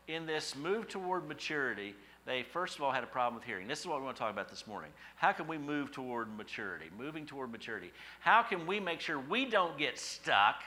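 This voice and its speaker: Man, pastor, sermon, bright tone, animated conversational delivery. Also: medium pitch, low-quality recording. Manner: animated, conversational preaching with rising emphasis.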